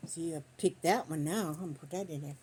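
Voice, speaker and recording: A woman's voice: sits low, fast, a little mellow, breathy edge. An older woman vlogging as she sews quilt squares, rambling through folksy stories in a chatty country way. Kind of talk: casual chat while sewing. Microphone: phone on a stand.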